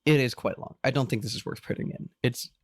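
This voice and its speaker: A podcast co-host recapping a TV episode in casual chat, animated, swearing freely and laughing often. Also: mid-range voice, quick pace, no echo, clean studio sound.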